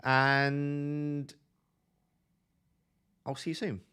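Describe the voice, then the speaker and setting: An easygoing young livestream host from Essex, England, with an Essex English accent, answers viewer chat off the cuff in a casual stream. His slightly high voice is bright, forceful, and clean, but delivered flatly and extremely slowly. A close desk microphone picks him up.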